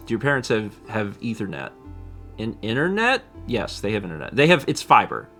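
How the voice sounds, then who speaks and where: A man co-hosting a live stream, chatting casually, reading chat messages and joking with squeaky put-on voices. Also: very animated, a little fast, sharp tone, soft background music. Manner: jokey, breaks into high squeaky put-on voices.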